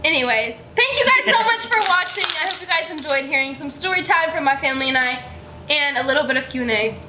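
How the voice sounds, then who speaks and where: A woman's voice: high-pitched, lively intonation, quick pace. A young woman hosting a casual family chat vlog, giggly, playful and teasing. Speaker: vlog host. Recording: echoey room with background noise.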